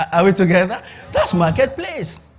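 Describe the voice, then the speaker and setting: A middle-aged Nigerian man preaching a sermon on business, emphatic and repetitive, checking in with his audience. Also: high-pitched. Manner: emphatic, repeats points and asks the audience to confirm. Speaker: pastor.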